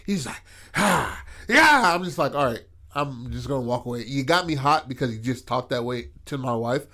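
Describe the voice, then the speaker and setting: A man's voice: medium pitch, a little fast, a bit bright. A man co-hosting a podcast, telling stories in casual chat with lots of laughter and acted-out quotes. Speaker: podcast co-host.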